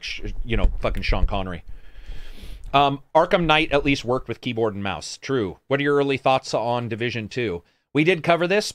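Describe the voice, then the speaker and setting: A man of middle pitch hosts a laid-back gaming show and answers viewer comments as they come in. He rambles, swears freely and throws in sarcastic asides. The recording is close and dry, with no room sound. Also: dry recording. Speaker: stream co-host reading viewer comments. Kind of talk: casual gaming chat.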